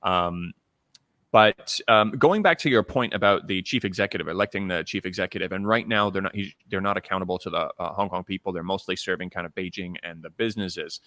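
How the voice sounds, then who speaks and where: Low-pitched guy from canada interviewing someone, lots of ums, dry close mic. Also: fairly quick, fairly bright tone, no room sound. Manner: thoughtful, many fillers and restarts. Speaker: interviewer, channel host. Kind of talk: conversational interview.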